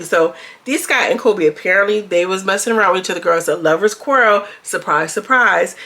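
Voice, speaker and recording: A woman's voice: medium pitch, moderate pace, pushed and bright. A woman chatting loosely through a reality TV recap in a mid-range voice, calling out to her viewers with slang. Her delivery is casual and conversational, like someone telling friends what happened on the latest episode. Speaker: reality TV reviewer.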